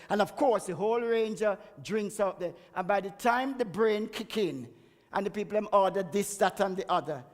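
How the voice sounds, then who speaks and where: A man giving a chatty, emphatic health talk at a church and laughing at himself now and then. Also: sits high. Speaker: guest speaker on health. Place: church hall. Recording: echoey church hall.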